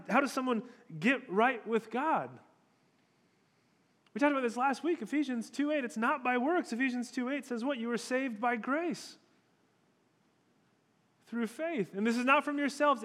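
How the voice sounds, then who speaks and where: Pastor guy preaching, chatty but emphatic, fairly high voice, long hall echo. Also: fairly bright tone. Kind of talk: sermon.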